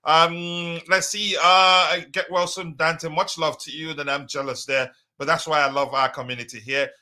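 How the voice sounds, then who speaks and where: A man's voice: on the high side, little pitch movement, normal speed, sharp tone. A man hosting a casual live stream, talking loosely with many fillers and reading out viewers' messages. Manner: hesitant, many fillers, reads chat aloud.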